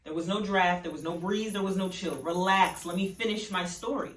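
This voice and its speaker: Lady putting on a fed-up college girl, curt, low-ish voice, roomy far mic. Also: a little fast, close to an everyday voice. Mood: dismissive. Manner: curt, exasperated. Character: blunt dismissive young woman friend.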